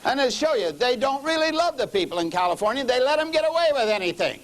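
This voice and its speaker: Delivering a sermon, a middle-aged preacher tells a story at a very animated, fast clip, dropping into quiet murmurs before building up loud for emphasis. Sound quality is poor.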